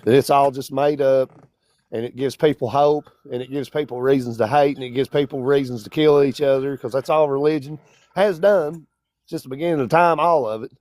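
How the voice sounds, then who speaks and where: A man's voice: mid-range voice, steady tone, brisk, a little mellow, no room sound. A man from Kentucky with a Kentucky accent, calling in to a debate stream just out of bed, rambling and stumbling over his words. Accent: Kentucky, near the Tennessee line. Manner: rambling, stumbling, self-deprecating. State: just woke up. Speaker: caller. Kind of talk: casual debate call-in.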